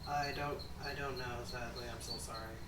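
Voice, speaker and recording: A man's voice: medium pitch, steady tone. Hesitant male player in an echoey room. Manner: hesitant, halting. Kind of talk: casual tabletop play. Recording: echoey room, distant mic, background noise.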